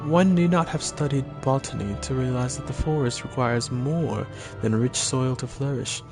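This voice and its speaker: While streaming a game, a man with a natural, medium-pitched voice performs the dialogue of a stately male elf conjurer. He adopts a put-on blend of Scottish and Irish accents and speaks in a solemn, formal, old-fashioned way.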